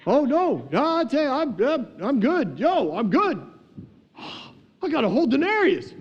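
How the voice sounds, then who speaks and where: A man voicing an overjoyed young day laborer, stunned by his pay and talking in an excited, breathless way. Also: extremely high pitch, measured pace, in a large hall, muffled recording, voice pushed up, heavily acted. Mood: thrilled.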